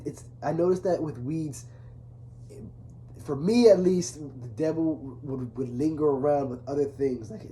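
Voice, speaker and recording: A young man talking casually to camera, earnest and rambling, full of restarts, growing softer when he speaks of his father. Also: medium pitch, a little hiss or hum. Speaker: vlogger. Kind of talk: casual confessional talk to camera.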